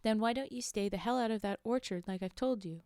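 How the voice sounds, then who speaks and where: A woman reading the lines of a gruff, bitter old father who scolds his daughter. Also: a little high, fairly quick, a little mellow, dry recording, clean studio sound, natural voice. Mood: scolding. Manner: grumbling, scolding.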